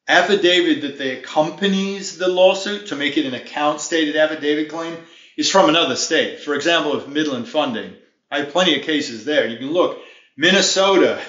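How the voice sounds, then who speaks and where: A man's voice: a little high, a bit bright, echoey room, highs cut off. A man giving an informal video lesson on debt defense, emphatic and folksy, often wandering off on tangents.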